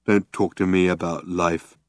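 A man voicing a gloomy, depressed male robot in a low, hopeless drone. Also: level tone, measured pace, dry recording, clean studio sound.

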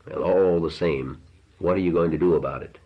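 A blunt, grumbling working father from a read-aloud novel, voiced by a man. He talks in a very low voice. The recording is dull and lo-fi. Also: brisk, natural voice. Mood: uneasy. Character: gruff middle-aged working father, blunt.

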